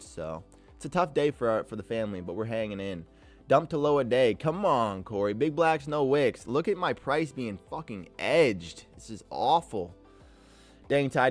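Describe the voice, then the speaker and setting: Exasperated man pleading with the market. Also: mid-range voice. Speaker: live-streaming day trader. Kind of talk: live-stream commentary, reading chat.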